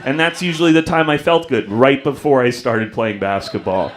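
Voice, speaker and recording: Young male stand-up, mid-pitch voice, self-mocking storyteller, club stage mic. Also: normal speed. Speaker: stand-up comedian. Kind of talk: stand-up comedy set.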